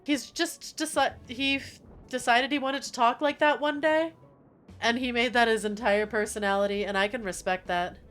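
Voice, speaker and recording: A woman streamer giving casual, animated gameplay commentary, swearing freely and amused. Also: a little high, normal speed, faint music behind.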